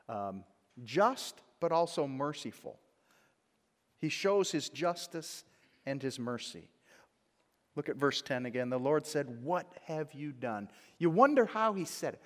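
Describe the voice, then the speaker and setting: A man preaching a sermon, swinging between loud dramatic bursts and hushed asides. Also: a little high, big pitch swings, measured pace. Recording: long hall reverb.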